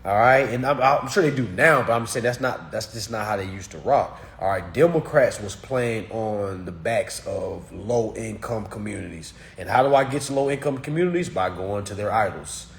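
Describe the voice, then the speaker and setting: A man's voice: fairly low pitch, moderate pace, vocal fry, few pauses, a little hiss or hum. A man giving a casual political rant, speaking emphatically and straight to his listeners. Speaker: commentator.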